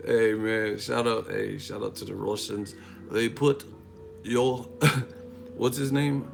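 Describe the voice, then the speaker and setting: A man's voice: on the low side, lively intonation, slow, creaky, pauses often. A man from Northern California hosting a boxing livestream, talking casually, joking and rambling with frequent laughs. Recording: music playing behind.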